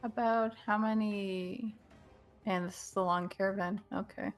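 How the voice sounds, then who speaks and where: Slow-talking woman playing a tabletop game. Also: mid-range voice, steady tone, faint music behind. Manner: unhurried, laughing easily. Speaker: player. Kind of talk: casual tabletop play.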